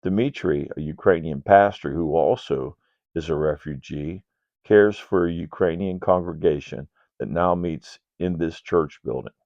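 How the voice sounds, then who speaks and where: An older man reading a ministry report to donors in a slow, measured, earnest way. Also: low voice, a little mellow, no echo. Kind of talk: read-aloud ministry report. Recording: dull, dry lo-fi sound.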